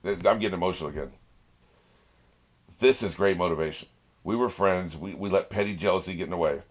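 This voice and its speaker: A man with a low, deep voice gives casual reaction commentary while watching an episode. He chats loosely, laughs often and talks straight back at the characters on screen. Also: a little fast. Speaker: anime reaction channel host.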